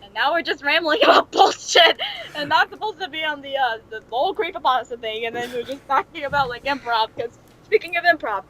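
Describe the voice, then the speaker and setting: A woman's voice: high-pitched, animated, fairly quick, pushed and bright, poor audio. A woman in casual chat, rambling and giggling, often slipping into silly voices. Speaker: co-host.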